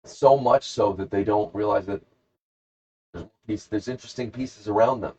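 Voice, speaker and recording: A man's voice: on the low side, normal speed, darkish tone, breathy edge. A man co-hosting a podcast who tells a rambling, jokey story in casual chat. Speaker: podcast co-host. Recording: dull lo-fi podcast recording.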